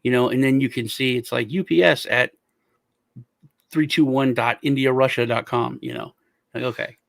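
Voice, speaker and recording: Gravelly deadpan man telling stories. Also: mid-range voice, normal speed, no echo. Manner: deadpan storytelling, acts out callers' voices. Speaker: podcast co-host. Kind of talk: casual chat.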